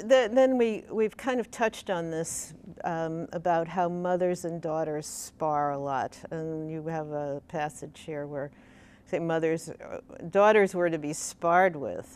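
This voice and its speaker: New woman host, smooth, slightly low voice, chatty onstage interviewer. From the Bronx, New York. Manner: warm chatty, laughs often.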